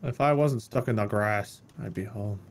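A man's voice: on the low side, normal speed, a little hiss or hum. A man chatting while playing a co-op video game, jittery and talking to himself as he plays. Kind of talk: casual gaming chat.

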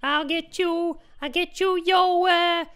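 A man voicing a cheerful, muddled farm woman who runs an ice cream parlour, speaking in a slow sing-song in an improvised game role-play. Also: very high voice, fairly even intonation, sharp tone, full character voice. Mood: doting.

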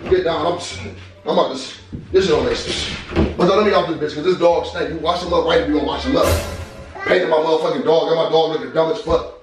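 A man's voice: a little high, fast. Cursing man in an echoey room. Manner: loud, profane, disbelieving outbursts. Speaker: husband vlogger. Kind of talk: casual prank reaction. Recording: echoey room from a distance, music.

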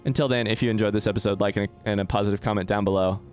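A man's voice: fairly low pitch, steady tone, racing, soft background music. A young man doing live gameplay commentary, rambling, joking and swearing as he chats to his viewers. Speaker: let's play streamer.

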